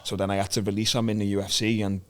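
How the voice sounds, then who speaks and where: A young man, a podcast guest chatting casually and telling blunt, sweary, animated anecdotes. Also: lowish voice, rapid-fire. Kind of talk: casual chat, storytelling.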